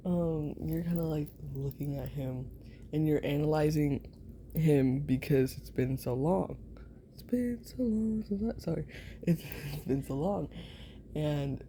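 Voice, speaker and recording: A woman's voice: sits low, slow pace, mellow, slight background noise. A woman telling a story in a whispered role-play, rambling and giggly, with many fillers and asides. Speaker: ASMR storyteller.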